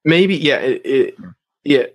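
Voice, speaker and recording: A young man on a fan discussion panel, talking casually in an animated, rambling way, with lots of swearing and filler words. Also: on the high side, slow, no echo. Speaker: podcast panelist.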